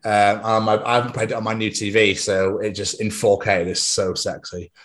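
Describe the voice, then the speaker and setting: A young man telling stories on a podcast with a lowish voice. He chats casually and excitedly, swearing freely as he goes. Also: fairly quick. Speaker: podcast co-host. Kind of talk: casual chat.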